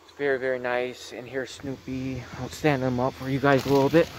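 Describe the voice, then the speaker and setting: A man at an ordinary pitch talks softly into a phone outside at night, repeating the same warm little phrases as he films. Faint outdoor noise and passing cars sit behind him. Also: flat delivery, fairly quick. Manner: repetitive, gentle, keeps saying very very nice. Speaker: vlogger. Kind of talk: casual vlog tour.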